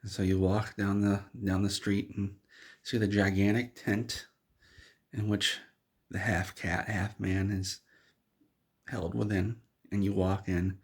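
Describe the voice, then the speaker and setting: Speaking slowly and pausing often, a man rambles deadpan through an absurd second-person story. The voice is very low, husky-edged, with a gravelly fry.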